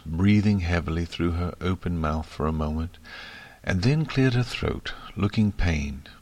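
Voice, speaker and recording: A man narrates a fantasy story in a steady, expressive voice. His voice sits very low. The recording is dry and close, with no room echo. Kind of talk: audiobook fiction reading.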